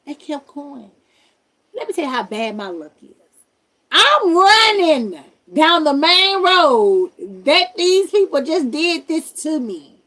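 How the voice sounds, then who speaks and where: A woman streamer tells a personal story straight to her viewers, casual, animated and full of slang. Her voice sits high and she speaks at a slow pace.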